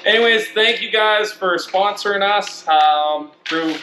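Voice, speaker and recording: A man hosting a casual chat, upbeat, thanking supporters with quick asides. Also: high voice, pushed and bright. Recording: echoey room with faint noise.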